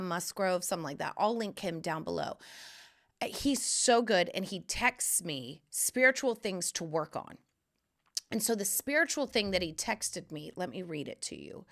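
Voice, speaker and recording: A woman hosting her own podcast, telling a candid, profanity-laced personal story in a casual, animated way. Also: lowish voice. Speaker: podcast host. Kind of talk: casual solo podcast chat.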